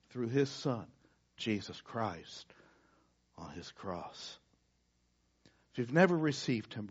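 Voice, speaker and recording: Husky pastor with a lively, swinging delivery. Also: male voice, medium pitch. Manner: dramatic shifts from loud emphasis to hushed near-whisper. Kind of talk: sermon. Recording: dull lo-fi sound.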